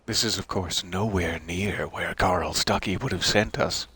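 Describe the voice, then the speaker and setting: A man's voice: low voice, unhurried, sharp tone, husky. A male streamer doing let's-play commentary with puns and dry, sarcastic asides.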